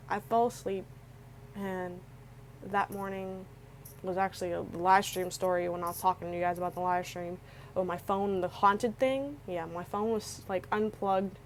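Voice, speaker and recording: A young woman vlogging an emotional story sounds on the verge of tears, rambling with many restarts and fillers. She has a mid-range voice, and the poor audio includes slight background noise.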